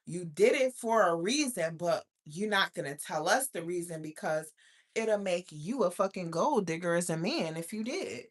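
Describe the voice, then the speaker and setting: A woman's voice: medium pitch, a bit bright. A woman hosting a live stream in casual chat, talking bluntly and profanely to her viewers. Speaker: livestream host.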